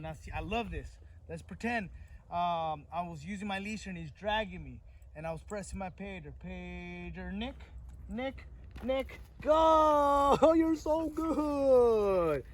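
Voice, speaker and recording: A man with a fairly high voice gives an outdoor dog-training lesson, explaining each step to viewers and calling praise and commands to the dog between remarks. He sounds distant from the camera, with loud background noise over the whole recording.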